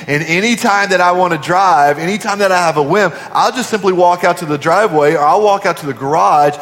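A man preaching a sermon, his voice sitting fairly high for a man. He poses question after question to the congregation and sinks to a hushed tone on key points. The sound rings out with long reverb, as in a church sanctuary. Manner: preaching with rhetorical questions, dropping to quiet emphasis. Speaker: pastor.

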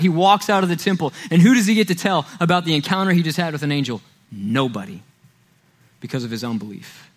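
A man preaches a sermon in a high voice. His tone is conversational and animated. He walks about while he speaks.

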